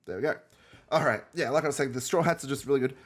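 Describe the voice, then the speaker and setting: A man's voice: medium pitch, very fast, fairly bright tone. A man with a nasal voice, sick with a cold, giving casual, rambling gameplay commentary that often corrects itself. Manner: rambling, self-correcting, chatty. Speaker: gaming content creator.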